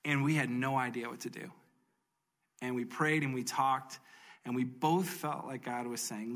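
A man's voice: medium pitch, fairly even intonation, fairly bright tone. Earnest man telling his story. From United States. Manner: earnest, emotional, speeds up and slows for emphasis. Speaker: speaker sharing a personal testimony. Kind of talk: personal faith testimony storytelling.

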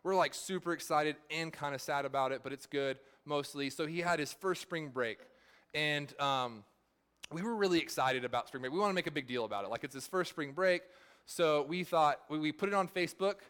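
Casual, slightly high-voiced male pastor. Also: brisk, a bit bright, smooth. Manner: casual storytelling, many "like" fillers. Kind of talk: sermon.

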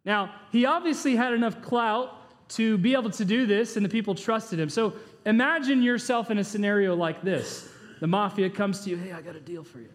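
A man's voice: high voice, moderate pace, long reverb tail. A man preaching a conversational sermon, short on sleep, with joking asides and rhetorical questions.

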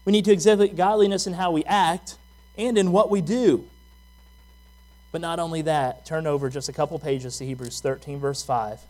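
A man's voice: on the high side, fairly even intonation, moderate pace, a little mellow. A man preaching a sermon as pastor, talking casually, telling stories about himself and asking the listeners questions. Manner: conversational preaching with personal stories and rhetorical questions.

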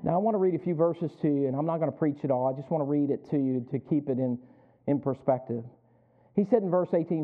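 High voiced pastor preaching in church, folksy, jokey, sounds like a thin phone line. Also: male voice, fairly quick. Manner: folksy, asks the congregation questions and jokes. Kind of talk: sermon.

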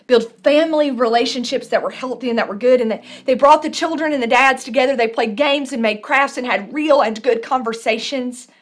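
A young adult woman pastor preaching a sermon, telling a personal story with earnest, repeated phrases. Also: sits high.

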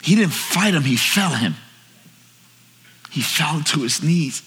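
A man preaching a sermon to his church, swinging from shouted lines to hushed ones. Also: fairly high pitch, lively intonation, takes it slowly, in a large hall. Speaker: pastor. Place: church hall with congregation.

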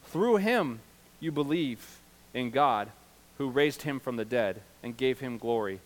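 A middle-aged male pastor preaching a sermon, swinging from loud, emphatic peaks to low, confiding asides. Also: lively intonation, measured pace.

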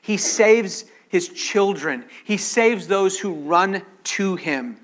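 A man preaching a sermon as pastor in a church sanctuary. He swings from loud pleading to hushed, near-whispered lines. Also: sits high, animated, slow pace.

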